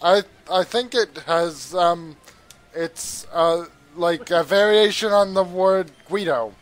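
A young man chatting excitedly while commenting on a game with friends, often stumbling and restarting. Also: high voice, takes it slowly. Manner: excitable, stumbling restarts, bursts of loud laughter. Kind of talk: casual group game commentary.

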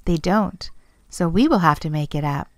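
A woman voicing an excited little girl who loves to play, eager and bouncy in a storybook reading. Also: lowish voice, normal speed, no echo, lightly acted.

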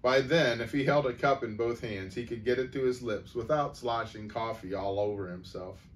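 A man reading a humorous story aloud in an unhurried, wry way, with the odd small stumble. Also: medium pitch. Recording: voice from far off the mic, faint noise.

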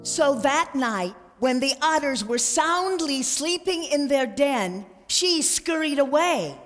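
A woman reading a children's storybook aloud in a concert, with expressive, animated storytelling. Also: sits high, slow pace, in a large hall, soft background music.

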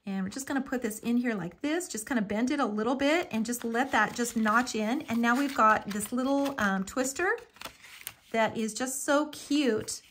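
A woman with a slightly high voice leads a live papercraft tutorial. She chats along easily as she works, filling pauses with ums and calling everything little and cute. She sounds middle-aged. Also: fairly bright tone. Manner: chatty and homey, fond of "little" and "so cute", with frequent ums. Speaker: craft tutorial host.

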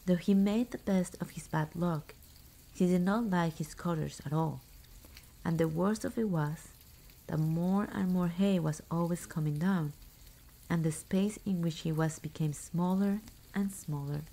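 A woman reading a fairy tale aloud in a soft, hushed, unhurried ASMR bedtime style. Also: lowish voice, poor audio. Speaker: storyteller.

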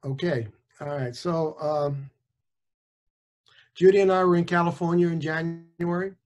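Brief: man in his sixties, casual animated storyteller, slightly high-pitched speaking voice. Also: unhurried, dull audio. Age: 60s. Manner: animated, conversational, with small restarts. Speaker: author and chiropractor, guest.

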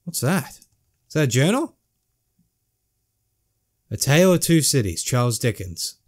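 Casting: man, lively pitch, slow musing let's play commentary. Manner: slow, musing, swears casually. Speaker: gamer.

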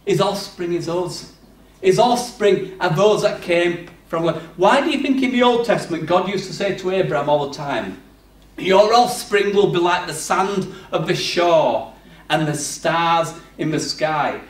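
A man preaching a sermon in a conversational manner, swinging between loud bursts and hushed passages. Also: high voice, unhurried, recorded from a distance. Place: church hall. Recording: roomy, off-mic church recording.

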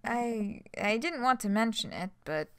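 A woman streaming a game, reading and reacting in an excitable way, swearing and laughing often. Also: mid-range voice, a little slow. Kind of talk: gameplay commentary.

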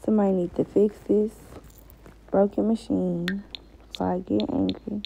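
A woman's voice: medium pitch, flat delivery, moderate pace, creaky, long pauses, warm tone, slight background noise, rough recording. A woman giving casual, slangy commentary while playing a game and talking to her viewers. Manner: slangy, chatty, talks to viewers. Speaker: gamer.

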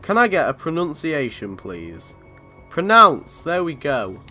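Man, game commentator, bright and slow-talking, swears and laughs a lot, faint music behind. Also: fairly high pitch, sing-song. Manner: sweary, chatty, laughs often. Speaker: gaming channel host.

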